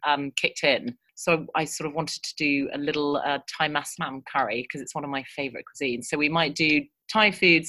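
A woman's voice: sits low, pushed and bright. A woman chatting enthusiastically as a guest on a food podcast, laughing often and restarting her sentences. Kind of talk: casual podcast chat.

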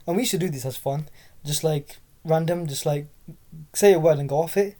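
A woman's voice: low-pitched, fairly quick, mellow. A young woman telling a rambling story in casual chat, full of fillers and swearing. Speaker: podcast co-host.

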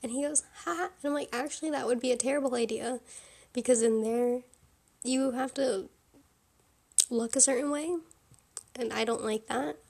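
Give me a high-voiced young woman chatting frankly on her podcast. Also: moderate pace, vocal fry, pauses often, darkish tone. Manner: chatty, frank and opinionated, lots of fillers and laughs. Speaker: podcast host. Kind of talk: casual solo podcast chat.

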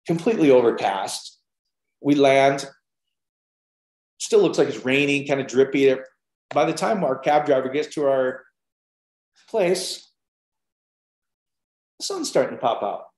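A man preaching an informal sermon, telling stories in an animated way with lots of fillers. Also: mid-range voice, a little slow, pauses often. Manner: animated storytelling with many fillers. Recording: roomy echo.

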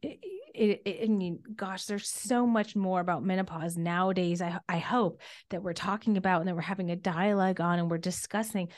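A woman's voice: fairly low pitch, steady tone, normal speed, few pauses, a little mellow. A woman hosting a podcast, speaking enthusiastically with frequent restarts and fillers. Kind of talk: podcast conversation.

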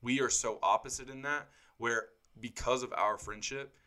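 Blunt, bright-voiced man in casual chat. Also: mid-range voice. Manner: blunt, animated, quick to joke. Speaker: podcast co-host, pastor.

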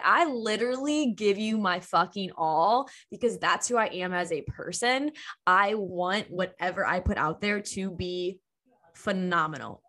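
A young woman hosting her own podcast, talking off the cuff at a slow, drawn-out pace. Her voice sits at a middle pitch, and she swears freely and sounds close to tears with emotion. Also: expressive, fairly bright tone. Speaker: podcast host. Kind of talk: unscripted casual podcast talk.

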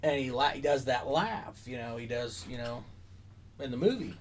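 A man's voice: medium pitch, expressive, moderate pace, a little hiss or hum, poor audio. A man chatting casually on a podcast, telling a long story with lots of fillers and asides. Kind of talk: casual chat.

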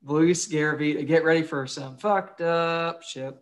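A man's voice: a little high, steady tone, unhurried. A young man co-hosting a casual true-crime podcast, crude and swearing freely, laughing while he tells grim facts. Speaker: podcast co-host.

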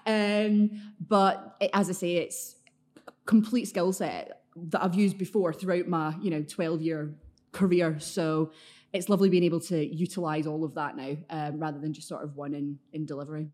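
A woman in her thirties with a Glaswegian accent, chatting as a podcast guest, self-deprecating and quick to laugh. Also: low-pitched, fairly even intonation, a little mellow. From Scotland, Glasgow area. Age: 30s. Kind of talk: casual interview chat.

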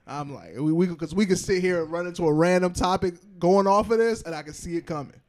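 A man's voice: high voice, fast talker, darkish tone. A young man co-hosting a podcast, chatting casually and joking in a laid-back, slangy way. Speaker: podcast co-host. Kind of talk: casual chat.

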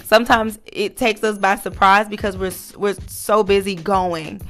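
A woman's voice: mid-range voice, fairly even intonation, moderate pace, a bit bright, soft background music. A woman hosting her own podcast, talking earnestly in a casual, encouraging monologue with lots of fillers. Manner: earnest, motivational, many fillers. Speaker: podcast host.

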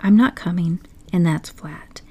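A woman's voice: on the low side, normal speed, dark tone, natural voice. A woman voicing a stubborn, dry-mannered male water rat in an audiobook story. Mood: dogged. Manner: dry, dogged.

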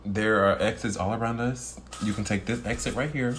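A man's voice: on the low side, fairly even intonation, a little fast, fairly bright tone, slight background noise. A man co-hosting a podcast, teasing his co-host and laughing often. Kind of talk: casual chat.

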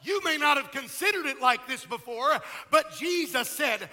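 A middle-aged man preaching a sermon as pastor, emphatic, with rhetorical questions and quieter asides. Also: very high-pitched, normal speed, few pauses, big-room sound.

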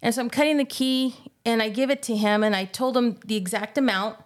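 Earnest higher-voiced woman sharing testimony. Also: fairly even intonation, fairly quick. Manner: earnest, emotional, urging listeners. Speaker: podcast co-host. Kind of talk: personal faith testimony in casual talk.

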